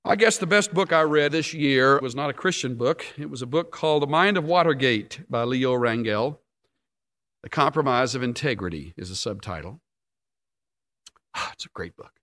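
A man preaching a sermon, telling stories with big rising climaxes and sudden hushed drops. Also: medium pitch, expressive, moderate pace. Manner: storytelling with sweeping rises and sudden quiet drops.

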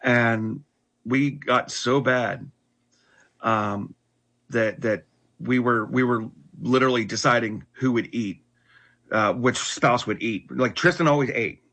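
A middle-aged man earnestly telling his life story in conversation, halting and restarting often. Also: mid-range voice, fairly even intonation, a bit bright. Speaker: guest telling his testimony.

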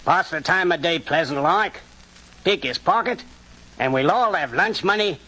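An actor playing a cool, unsmiling pickpocket in an old-time radio drama, matter-of-fact. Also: male voice, fairly high pitch, expressive, normal speed, bright, forceful tone, breathy edge, heavily acted, rough recording.

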